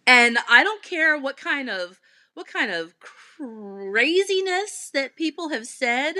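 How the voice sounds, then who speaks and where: A woman with a South Jersey accent co-hosting a podcast, telling stories in a chatty, animated way. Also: high voice, takes it slowly, dry recording. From South Jersey, USA. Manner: animated, laughing, self-correcting storyteller. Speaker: podcast co-host. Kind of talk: casual chat.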